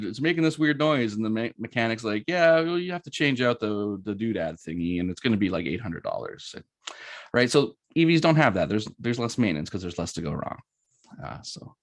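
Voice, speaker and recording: A man's voice: lowish voice, no room sound. A middle-aged man with a Canadian accent giving a casual presentation, chatty and storytelling, with many fillers and asides.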